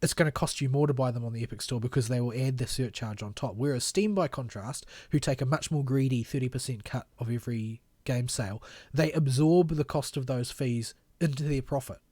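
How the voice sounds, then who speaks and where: A male podcast co-host with a mid-range voice talks fairly quickly, barely pausing, during a long streamed episode. He offers critical, opinionated commentary and rambles until his words trail off quietly, his voice tiring. The sound is clean studio audio with no echo.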